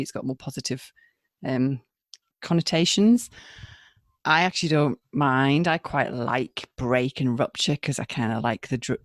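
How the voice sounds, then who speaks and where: A woman's voice: very deep voice, a little mellow, dry recording, studio quality. A woman midwife co-hosting a podcast, explaining things plainly and laughing easily. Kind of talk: podcast conversation.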